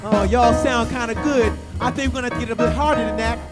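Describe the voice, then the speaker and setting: A man leading an audience in a call-and-response scat song, energetic and calling on everyone to join in. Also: extremely high pitch, a little fast. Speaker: performer leading a sing-along. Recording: loud backing band music.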